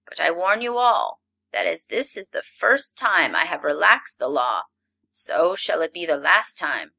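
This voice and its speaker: A woman voicing a stern, grizzled old male forest lord in a storybook reading, speaking slowly and solemnly. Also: lowish voice, sing-song, vocal fry, sharp tone, breathy edge, full character voice, low-quality recording. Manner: slow, solemn, commanding.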